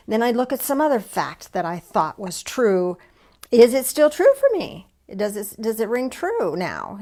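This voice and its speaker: A woman leading an online church service, preaching conversationally, asking herself questions and answering them aloud, with a folksy, self-deprecating touch. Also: fairly high pitch.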